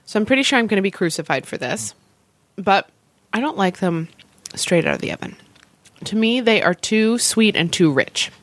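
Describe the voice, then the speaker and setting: A woman co-hosting a casual food chat, talking quickly and chatting while she eats. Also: medium pitch, sing-song, dry recording. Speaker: co-host.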